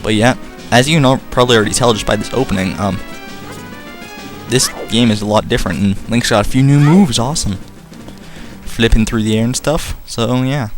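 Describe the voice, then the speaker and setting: A man's voice: mid-range voice, a little fast. A young man rambles and jokes his way through a game, swearing casually. His voice sits in a mid range, with faint game music behind him. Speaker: let's player.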